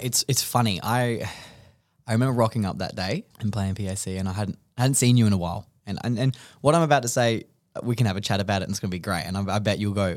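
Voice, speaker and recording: A man's voice: on the low side, darkish tone, no echo, clean studio sound. A young man with an Australian accent, co-hosting a casual podcast and telling an emotional story in a rambling way with many restarts. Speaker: podcast co-host.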